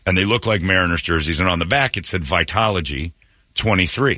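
A man from Phoenix hosting a radio show, telling a story in a casual, animated way and mimicking the people in it. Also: low voice, fairly quick, no echo, studio quality. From Phoenix, Arizona.

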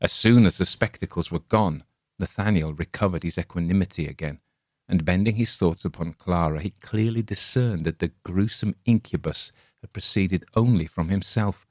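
A man reading a classic tale aloud as scripted narration, measured and expressive. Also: low voice, no room sound, studio quality. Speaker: audiobook reader.

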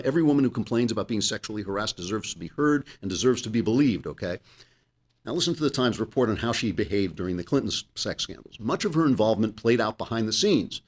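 Husky low-voiced male commentator. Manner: sarcastic, reads news quotes aloud with asides. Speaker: host. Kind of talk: political commentary monologue.

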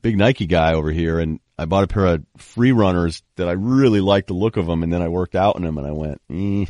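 A man's voice: sits low, brisk, dry recording. A man hosting a casual sports podcast, telling stories and acting out the people he quotes. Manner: animated storyteller, acts out quoted people. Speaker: podcast host.

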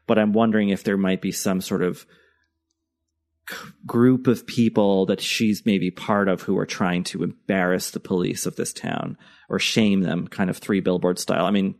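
Guy podcast cohost, deep gravelly voice, jokey, lots of uh and um. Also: fairly even intonation, normal speed, darkish tone. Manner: hesitant, joking, many fillers. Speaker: podcast co-host. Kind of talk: casual podcast chat.

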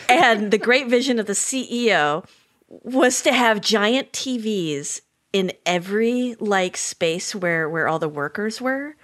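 A woman's voice: mid-range voice, expressive, unhurried, fairly bright tone. A woman on a tech podcast panel, telling a story in a wry, amused way with small stumbles.

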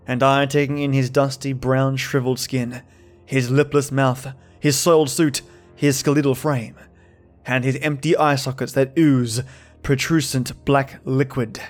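A man narrating a first-person horror story from a script, measured and tense. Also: mid-range voice, level tone, soft background music.

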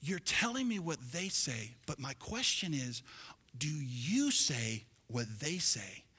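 A male pastor preaching a sermon, swinging from quiet asides to loud, shouted passages. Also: fairly high pitch, sing-song, slow pace, breathy edge.

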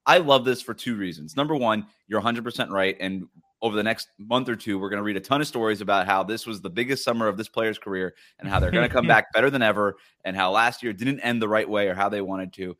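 A man with a low voice hosting a sports podcast. He talks in a chatty, casual way, with plenty of fillers and restarts, and now and then reads quotes aloud. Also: quick pace, a bit bright. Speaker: podcast host.

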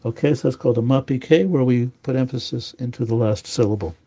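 A man teaching an informal lesson, pausing often with fillers and restarting his sentences. His voice is mellow and his tone relaxed, and the recording sounds dull and slightly muffled. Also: mid-range voice. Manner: halting, frequent fillers and restarts; repeats key words to stress them. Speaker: teacher of prayer Hebrew pronunciation.

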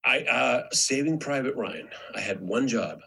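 A man's voice: mid-range voice, a little slow, gravelly, husky. A man and actor in casual conversation, telling a story and acting out the people he quotes. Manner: storytelling, animated when quoting. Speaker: actor, podcast co-host.

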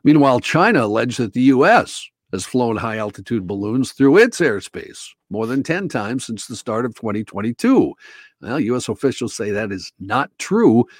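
A man hosting a radio talk show, reading news items in a brisk, matter-of-fact way. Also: medium pitch, very animated, no room sound, studio quality.

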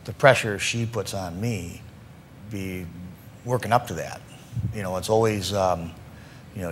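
A man guest on a talk show, speaking hesitantly and haltingly about his marriage. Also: low-pitched, a little hiss or hum. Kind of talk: confessional interview segment.

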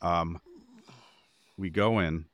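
A man's voice: low-pitched, fairly even intonation, extremely slow. A man co-hosting a podcast, telling a rambling anecdote in casual chat and getting exasperated as he goes. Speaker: podcast co-host.

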